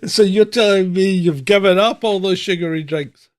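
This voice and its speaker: A man hosts a comedic livestream from his webcam, ribbing his co-host and greeting the chat. His voice sits fairly high for a man, and his delivery is playful, broken up by laughter. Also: moderate pace. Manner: teasing, laughs often.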